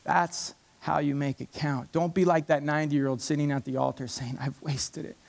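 Passionate preacher man, fairly high voice. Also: fairly even intonation, moderate pace, vocal fry. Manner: passionate, emphatic, repeats key phrases. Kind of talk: sermon.

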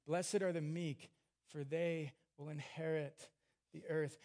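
A man preaching a sermon on scripture, earnest, dropping to hushed tender lines and rising into emphatic questions. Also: fairly high pitch, fairly even intonation, slow pace.

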